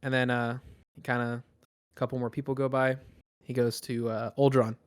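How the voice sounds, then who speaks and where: A man's voice: mid-range voice, level tone, normal speed, clear, resonant tone. A man narrating as game master in a casual, rambling way with many fillers.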